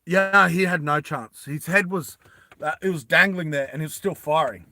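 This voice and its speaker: A man narrating a tabletop game as game master, in an animated, rambling storytelling style. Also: on the high side, moderate pace, no room sound.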